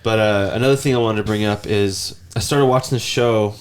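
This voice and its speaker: Speaking in a lowish, steady voice at a moderate pace, a thirtysomething male podcast host tells meandering stories during casual conversation. Sometimes he slips into the whiny voice of a child.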